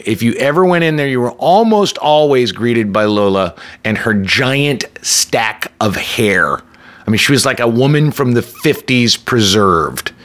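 A man's voice: lowish voice, a bit bright. A man telling a personal story in a loose, conversational way, full of "like" and small restarts. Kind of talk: personal story told casually.

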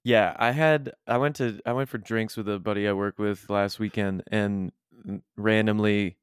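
A man's voice: on the low side, steady tone, normal speed, clear, resonant tone, dry recording, clean studio sound. A man co-hosting a casual comedy podcast, telling stories with lots of laughs and casual swearing. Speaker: podcast co-host.

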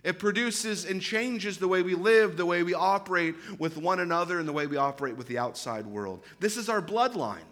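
A man's voice: sits high, expressive, fairly quick, few pauses, a bit bright. A man in his thirties preaching a sermon, earnest and emphatic, with conversational asides and repeated phrases. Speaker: pastor.

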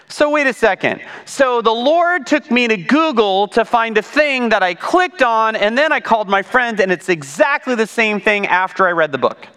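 A man's voice: sits high, expressive, moderate pace, few pauses, sharp tone, smooth. A man giving a conversational sermon as pastor, full of asides and rhetorical questions. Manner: rhetorical asides, frequent "right?". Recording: long reverb of a large hall.

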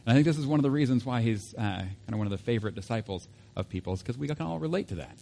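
A man's voice: mid-range voice, animated, racing, vocal fry, dark tone. A man preaching a sermon in a casual, conversational way, with asides and self-corrections. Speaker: pastor.

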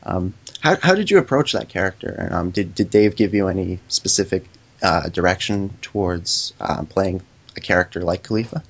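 A lower-voiced man speaks over a slightly muffled line. He hosts a fan podcast and asks his questions haltingly, with plenty of ums and restarts. His tone is casual. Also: lively intonation. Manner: hesitant, filler-heavy questions. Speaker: podcast co-host. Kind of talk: casual interview.

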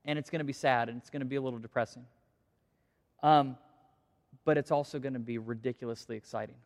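A man leading a church service as pastor, praying and then telling an emotional story with halting restarts. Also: on the high side. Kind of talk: prayer and church announcement. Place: church auditorium. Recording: long reverb of a church hall.

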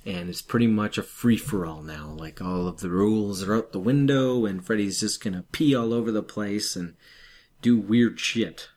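A man co-hosting a casual movie-review podcast, ranting in an animated way and swearing freely. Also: fairly low pitch, normal speed. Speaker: podcast co-host.

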